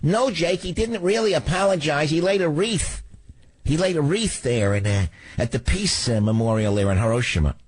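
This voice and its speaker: A man mocking a faltering, high-pitched anchorman. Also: expressive, moderate pace, husky. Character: mocking impression of a male TV news anchor answering.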